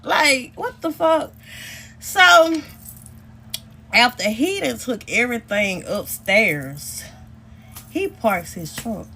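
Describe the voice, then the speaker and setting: A woman's voice: on the high side, takes it slowly, gravelly, long pauses, husky. A young woman vlogger telling a personal story in a casual, profane rant that speaks straight to her viewers. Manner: animated, profane, addresses viewers directly.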